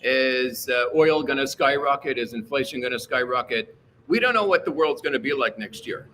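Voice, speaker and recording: A man's voice: mid-range voice, animated, normal speed, pushed and bright, slight background noise. A man hosting a casual livestream, reading out chat and rambling through his opinions with many fillers.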